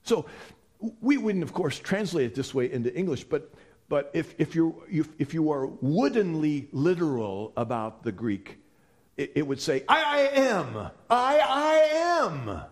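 A man preaching a sermon, animated and emphatic, often restarting his phrases as he explains. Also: a little high, moderate pace.

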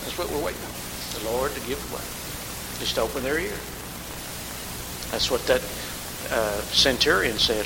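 A man's voice: medium pitch, lively intonation, moderate pace, creaky, pauses often, sharp tone. A man preaching a sermon, rising to emphatic call-and-response and calling on congregation members by name. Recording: hissy recording in a reverberant hall.

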